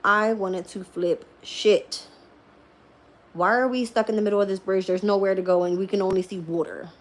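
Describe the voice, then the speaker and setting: A woman chatting casually on a live stream as a tarot reader, laughing often and swearing freely as she tells animated stories. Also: medium pitch, quick pace.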